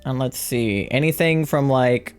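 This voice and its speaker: A woman with an unusually low voice chats loosely on a live stream while she plays. She rambles, answers chat and talks to someone off-mic. Faint music hums behind her. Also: a little slow, clean tone. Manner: chatty, rambling, reads chat aloud.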